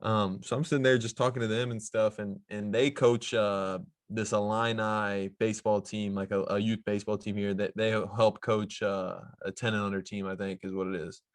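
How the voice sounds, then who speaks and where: Young man, lowish voice, laid-back slangy storyteller, dry close mic. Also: little pitch movement, normal speed, few pauses, no echo. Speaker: podcast co-host, pro basketball player. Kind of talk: casual storytelling chat.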